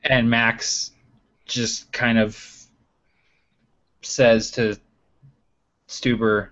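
A man playing a tabletop role-playing game, gruff and swearing when in character. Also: medium pitch, level tone, extremely slow, long pauses, fairly bright tone. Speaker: player. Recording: dull lo-fi sound.

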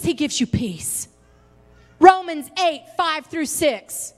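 A young woman delivers an impassioned sermon in a high, bright voice. She swings from loud, drawn-out peaks to soft, quiet drops. The sound rings out with a long hall reverb. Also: lively intonation, soft background music. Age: young adult. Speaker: preacher.

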